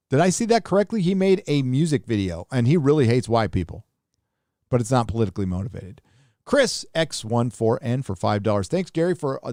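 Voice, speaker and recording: A middle-aged man from Southern California chats through viewer donations on his livestream, rambling and laid-back. His voice sits at an ordinary middle pitch. It is recorded close on a desk mic with a dry, dead sound. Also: darkish tone, no room sound. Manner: rambling, laid-back, quick laughs, many fillers. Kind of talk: casual livestream chat.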